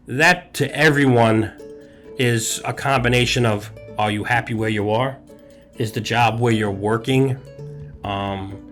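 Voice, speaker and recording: Reflecting on balance for a podcast, a middle-aged hospital executive talks earnestly and measuredly, laying out his points as short listed phrases. His voice is lowish and a bit bright.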